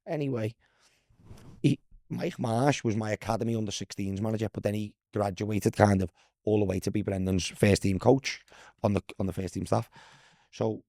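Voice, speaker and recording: A Scouse man with a fairly low voice tells stories in a loose, chatty way, swearing freely and calling people lad. The sound is dry and close, with no room around it. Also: steady tone, moderate pace, gravelly, dark tone, no room sound. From Liverpool, England. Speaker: guest, former footballer. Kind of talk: casual storytelling chat.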